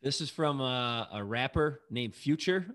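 A man's voice: medium pitch, unhurried, fairly bright tone. Laid-back man hosting a lyric quiz. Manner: reads lyrics aloud, laughs easily. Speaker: quiz host. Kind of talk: casual game chat.

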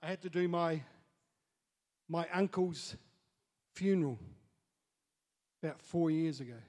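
A man preaching a sermon as pastor, dropping to soft asides and building up to loud, excited storytelling. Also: on the high side, a little slow. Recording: long hall reverb.

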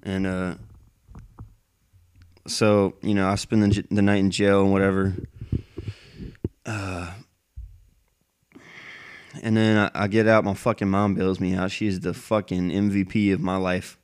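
Foul-mouthed man with a low, smooth voice. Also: little pitch movement, measured pace, long pauses, darkish tone. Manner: profane, rambling, heated. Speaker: military veteran telling a personal story. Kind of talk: casual storytelling monologue. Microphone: plug-in microphone.

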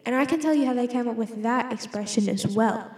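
Higher-voiced woman rambling to herself, cuts herself off a lot, long echo in the room. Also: fairly quick, darkish tone. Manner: rambling, self-interrupting, playful. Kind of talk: casual rambling monologue. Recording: echoey room with long reverb.

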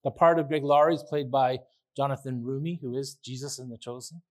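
Pastor, male, mid-pitched, delivering a casual, enthusiastic sermon with frequent asides. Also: fairly even intonation, a little fast. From Canada. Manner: chatty, enthusiastic, with restarts and asides. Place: church.

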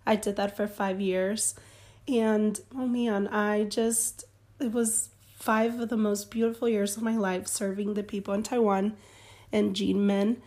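A woman's voice: mid-range voice, level tone, a little slow, a little mellow. A woman in her thirties, a guest on a casual podcast, easygoing and laughing along. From California. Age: 30s.

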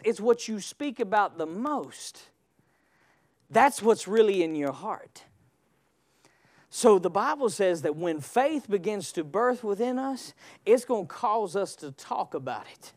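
A man, pulling the congregation into call and response. The sound is dry and close, and he swings from quiet asides to shouted lines. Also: high voice, no room sound. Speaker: preacher. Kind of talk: sermon.

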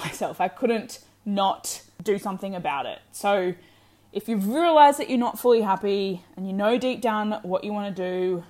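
A woman's voice: mid-range voice, darkish tone. A young adult woman vlogging candid breakup advice, frank and encouraging, swearing freely. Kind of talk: candid direct-to-camera advice.

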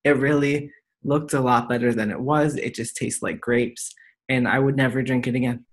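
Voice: mid-range voice, fairly even intonation, moderate pace. A young adult podcast co-host chatting casually and telling rambling stories in an easygoing way. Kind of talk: casual chat and storytelling.

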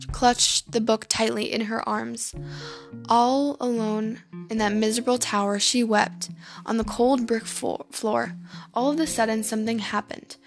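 A woman reads a dark fairy tale aloud with dramatic storytelling. Her voice sits fairly high. Light music plays underneath. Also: creaky.

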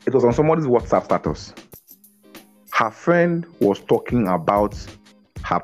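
A man speaking as a guest in a casual interview over a video call, energetic, often repeating words and laughing. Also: mid-range voice, normal speed, faint music behind. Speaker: guest on a business podcast.

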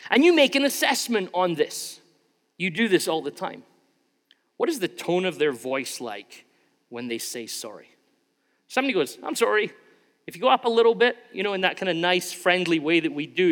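A man's voice: on the high side, fairly bright tone. A man preaching a sermon in a church, talking conversationally and acting out small examples as he goes. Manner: conversational, acts out examples with shifting tone. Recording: long reverb of a large hall.

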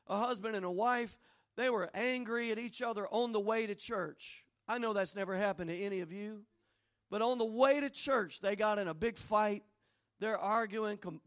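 High-voiced preacher building to shouts. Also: male voice. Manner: storytelling that builds to fervent shouting; folksy, humorous asides. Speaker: pastor. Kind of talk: sermon.

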